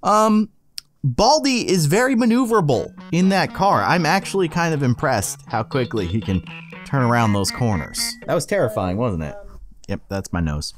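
A man in his thirties hosting a let's-play at home, excitably gasping and laughing as he comments on a scary game. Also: mid-range voice, normal speed, faint music behind. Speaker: gaming video host. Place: home with his young son nearby.

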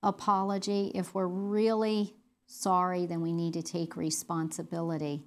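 A woman's voice: on the low side, level tone, moderate pace. A middle-aged woman leading a women's Bible study, talking earnestly and conversationally with fillers and restarts.

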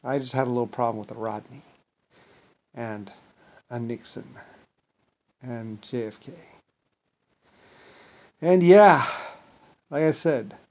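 Man, gravelly mid-pitched voice, rambling boastful monologue, mumbles low then bursts out loud. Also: measured pace, long pauses, slight background noise. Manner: grandiose, rambling, mocks others with blah-blah voices. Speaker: vlogger.

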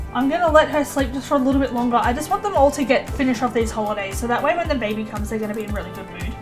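Chatty high-voiced woman gaming. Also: fast, few pauses, music in the background. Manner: chatty, bossy toward game characters, laughs often. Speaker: let's play gamer. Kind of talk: casual gameplay commentary.

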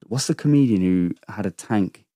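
Guest spot: young man, lowish dry voice, rambling sweary storyteller. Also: lively intonation, normal speed, dark tone, no echo. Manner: rambling anecdotal storytelling, lots of swearing and restarts. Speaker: podcast guest. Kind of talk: casual chat.

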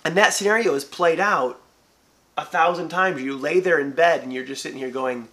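Pastor guy doing a devotional chat, bright voice, kinda high, acts out little convos. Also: moderate pace. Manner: animated, acts out imagined dialogue. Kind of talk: church devotional talk.

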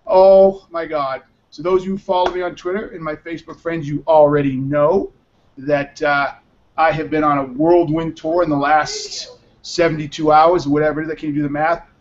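Tired male host, high-pitched and loose, rambling with a bit of profanity, muffled lo-fi stream sound. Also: expressive, brisk. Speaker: show host. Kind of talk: casual live web show chat. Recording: dull lo-fi stream audio.

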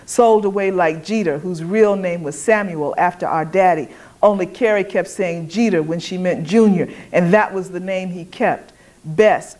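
A woman's voice: mid-range voice, darkish tone, natural voice. A woman voicing a fierce, defiant young enslaved woman who taunts and grieves in dialect.

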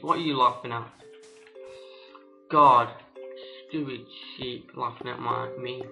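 A man commenting on his own gameplay in an excitable way, yelping and raging at enemies. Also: medium pitch, unhurried, muffled recording, faint music behind. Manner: excitable, yelps and rages at enemies. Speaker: gamer. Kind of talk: let's play commentary.

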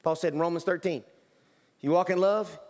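The reverb of a church hall surrounds a male pastor preaching in the sanctuary, his voice on the high side with a darkish tone. He speaks briskly with fairly even intonation, emphatic and prone to repetitions and restarts.

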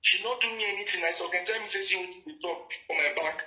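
A Nigerian Pidgin-speaking man recounts gossip in a rambling, casual way, slipping into the voices of the people he quotes. His voice sits high and cuts through sharply. The room around him rings with echo. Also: fast, sharp tone. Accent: Nigerian Pidgin English. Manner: rambling, acts out quoted dialogue.

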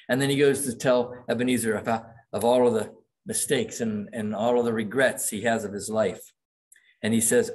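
A man's voice: mid-range voice, steady tone, normal speed, darkish tone. A middle-aged man preaching a sermon as pastor, reading quoted passages aloud with dramatic emphasis.

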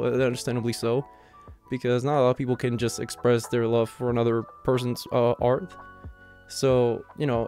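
A man's voice: medium pitch, darkish tone. A man casually reviewing a manga chapter, enthusiastic and rambling, filling his talk with "you know" and "like".

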